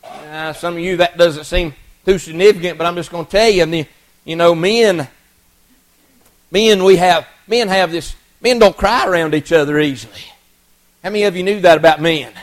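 A man's voice: high voice, moderate pace, poor audio. A middle-aged man, preaching a folksy, earnest sermon story with many restarts and repeated words.

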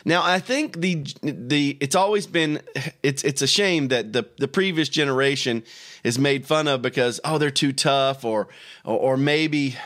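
A man's voice: mid-range voice, measured pace, a bit bright. A middle-aged man preaching a sermon as pastor, talking in a conversational way with frequent restarts and repeated words.

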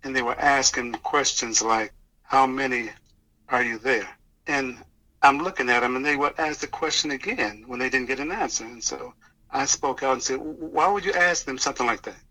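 A man earnestly retelling a personal experience, halting at times and acting out what others said. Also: medium pitch, sharp tone, low-quality recording. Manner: earnest, halting retelling with restarts and quoted dialogue. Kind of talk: personal testimony storytelling.

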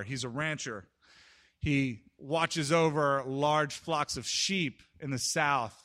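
A man preaching a sermon, retelling a story with dramatic swings between loud outbursts and hushed pauses. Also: fairly high pitch.

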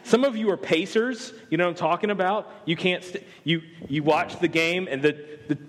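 Southern guy pastor cracking jokes in his sermon, kinda high voice, big echoey church. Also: moderate pace, a bit bright. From American South. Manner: joking, conversational, self-deprecating. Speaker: campus pastor. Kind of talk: humorous sermon. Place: church sanctuary.

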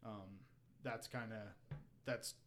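A man's voice: on the low side, steady tone, slow, fairly bright tone, a little hiss or hum. Drawling Texan man, podcast co-host. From Texas. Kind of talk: casual podcast chat.

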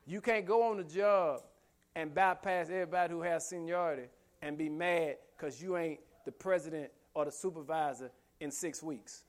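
High-voiced preacher firing rhetorical questions. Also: male voice, moderate pace. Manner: emphatic, builds with repeated rhetorical questions; humorous asides, laughs often. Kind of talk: sermon.

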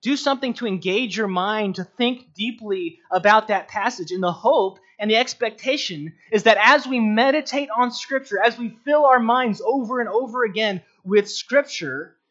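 A man giving an earnest, unhurried teaching on meditating on scripture, often restarting his sentences. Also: sits high, fairly bright tone. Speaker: Bible teacher. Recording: dull lo-fi recording.

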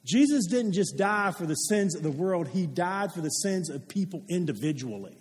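With a high voice and lively intonation, a male pastor preaches at normal speed, telling stories earnestly and asking questions of the congregation. The sermon echoes with long hall reverb.

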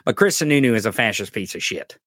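A man's voice: lowish voice, expressive, fast talker, fairly bright tone, no room sound, studio quality. A man hosting a political commentary podcast, ranting with heavy profanity and sarcasm. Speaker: podcast host.

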